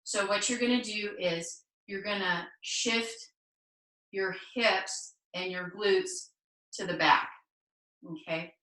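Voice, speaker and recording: Woman yoga teacher, gentle encouraging cues, bright voice, echoey room, distant laptop mic. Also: medium pitch, slow pace. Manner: gentle, encouraging cueing with playful asides. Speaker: yoga instructor. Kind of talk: live online yoga class instruction. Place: home room, on a video call.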